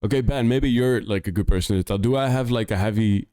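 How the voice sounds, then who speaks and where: Young Dutch-accented male streamer, lowish smooth voice, casual and rambling, close dry mic. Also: fast talker, dark tone, no echo. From Netherlands. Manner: rambling, full of "like" and restarts. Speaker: music producer streamer reviewing demos. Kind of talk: casual live-stream chat.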